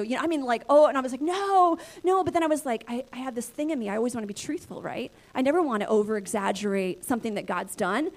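Woman pastor, high voice, lively storytelling sermon, thirties. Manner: lively personal storytelling, acts out her own inner voices. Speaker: pastor and church planter.

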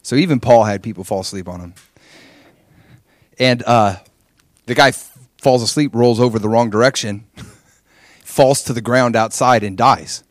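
A pastor in his forties preaching a sermon, telling a personal story in an animated way and acting out his own past prayers and conversations. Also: medium pitch, normal speed, long pauses, no echo, clean studio sound.

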